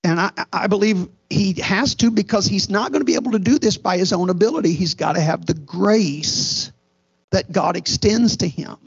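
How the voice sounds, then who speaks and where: A middle-aged man preaches with a high, husky voice full of gravelly fry. He tells his story earnestly and often restarts his sentences. The recording sounds dull and lo-fi. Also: moderate pace. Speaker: pastor. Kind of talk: sermon.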